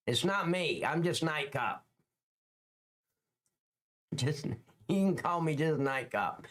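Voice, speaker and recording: A man's voice: fairly high pitch, expressive, takes it slowly, long pauses. Joking, crude middle-aged male streamer. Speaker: livestream host. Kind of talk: casual live-stream chat with viewers.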